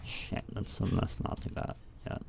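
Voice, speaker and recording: A man's voice: unhurried, a little mellow, a little hiss or hum. A young man thinking aloud while building a game level, rambling and swearing to himself in casual, profane self-talk.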